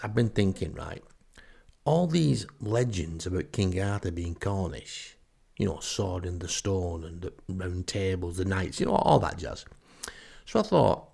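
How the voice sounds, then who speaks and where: Retired northern english bloke spinning a funny yarn, chatty and self-deprecating, gravelly low voice. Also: male voice, a little mellow. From Northern England. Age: older. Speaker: storyteller, podcast host. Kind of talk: comic first-person storytelling.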